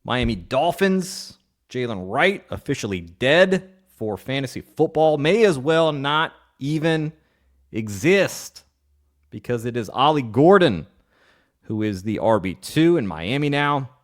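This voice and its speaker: A man's voice: medium pitch, big pitch swings, unhurried. A man hosting a podcast, talking in a casual, joking way with rambling asides and playful rants. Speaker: podcast host.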